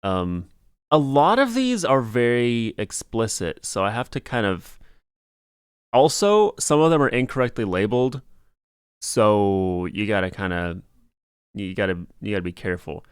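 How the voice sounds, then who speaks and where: A man's voice: fairly low pitch, sing-song, measured pace, clear, resonant tone, no room sound, clean studio sound. Chatty young man hosting a stream. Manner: rambling, laughs often, playful. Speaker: podcast host. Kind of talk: casual livestream chat.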